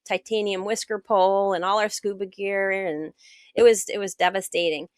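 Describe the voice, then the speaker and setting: An American woman, middle-aged, a guest author and sailor telling her story in a casual interview, animated and acting out what others said. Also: mid-range voice, normal speed, no room sound. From United States. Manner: animated, acts out quoted dialogue.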